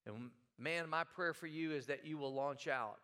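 A man's voice: on the high side, normal speed, bright, forceful tone. A male pastor preaching a sermon in a folksy, conversational way, often stumbling and repeating words.

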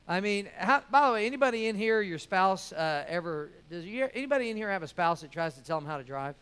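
A man's voice: high-pitched, lively intonation, quick pace, fairly bright tone, clean tone. A man preaching to a church class, keeping it jokey and calling out "amen?" and "right?" to the room. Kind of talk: sermon.

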